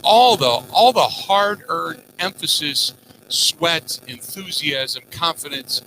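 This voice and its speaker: A man hosts a sports talk show with a very bright, cutting tone. He reads listener messages aloud with animated, rambling asides, and faint noise hums behind him. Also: on the high side, slow, poor audio. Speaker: sports radio host. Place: outdoors at a golf course.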